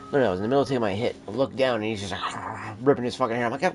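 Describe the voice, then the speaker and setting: A console game streamer chats casually off camera at home, talking very fast in a fairly low voice with hardly any pauses, over music and noisy household background. He swears freely and slips into baby talk with his cat.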